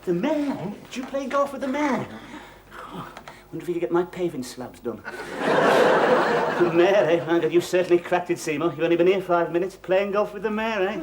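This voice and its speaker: An actor playing a miserly, nosy middle-aged landlord who stammers and wheedles, in a 1970s studio sitcom. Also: male voice, sits high, normal speed, close to an everyday voice. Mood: blustering. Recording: noisy old TV soundtrack.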